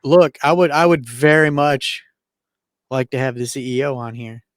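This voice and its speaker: A man's voice: medium pitch, normal speed, no echo, clean studio sound. A man co-hosting a casual podcast, laid-back and rambling, often repeating words as he starts a sentence. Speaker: podcast co-host.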